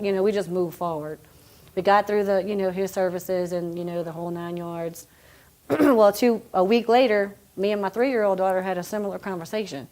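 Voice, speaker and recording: A woman's voice: mid-range voice, a little mellow. A woman, telling a personal story of loss in a conversational, emotional way with many fillers. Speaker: police officer's widow.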